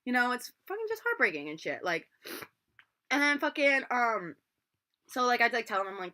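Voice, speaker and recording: A young woman in her twenties, a vlogger, rambles through a storytime vlog packed with swearing and filler words, captured on a laptop's built-in mic. Her fairly high, sing-song voice is bright and forceful, at normal speed with frequent pauses.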